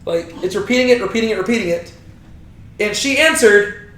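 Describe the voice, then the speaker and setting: High-voiced man teaching a Bible study. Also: fairly quick. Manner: lively, conversational, asks the group questions. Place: echoey room with a small group. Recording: roomy echo.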